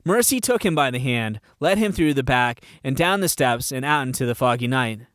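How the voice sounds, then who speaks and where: A man narrating a fan audiobook reading in a measured storytelling manner. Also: medium pitch, animated, fairly bright tone, no echo, clean studio sound.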